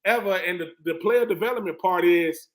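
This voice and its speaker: A man in his forties, a former football player on a sports talk panel, telling stories in a lively way and acting out what others said. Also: sits high, brisk. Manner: animated storyteller who acts out quoted voices.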